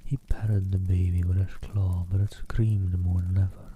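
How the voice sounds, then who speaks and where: Deep soft-spoken man reading in a whisper. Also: little pitch movement, narrow, tinny audio, a little hiss or hum. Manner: soft, slow and half-whispered. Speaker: storyteller and streamer. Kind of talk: ASMR storybook reading.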